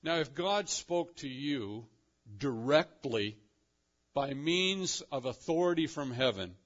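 A man preaching a sermon emphatically, asking his listeners rhetorical questions and swinging between loud and quiet. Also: mid-range voice, expressive, takes it slowly. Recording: dull lo-fi recording.

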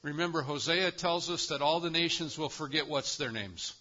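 A man's voice: a little high, moderate pace, bright, forceful tone, lo-fi sound. A man preaching a sermon as pastor, with an emphatic cadence that rises and falls.

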